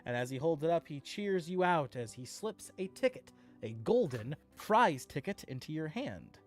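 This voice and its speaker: A woman's voice: low voice, very animated, normal speed, a little mellow, faint music behind. A woman running a tabletop game as dungeon master, narrating scenes descriptively with the odd filler.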